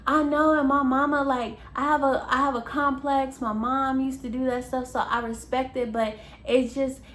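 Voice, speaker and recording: A woman's voice: high-pitched, level tone, moderate pace, a bit bright, voice pushed up. A woman voicing an upset young woman who complains and pleads about how her boyfriend treats her. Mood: pleading. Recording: echoey room, faint background hum.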